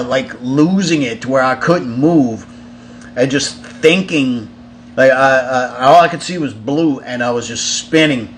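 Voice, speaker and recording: A man's voice: medium pitch, slight background noise. A man, a touring musician, casually telling a story in a loose, profane way, with lots of fillers and restarts.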